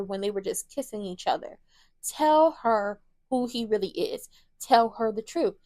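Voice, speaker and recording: A woman's voice: on the high side, darkish tone, no room sound, clean studio sound. A woman hosting a casual soap opera recap, blunt and opinionated, swearing freely as she retells scenes in quoted lines.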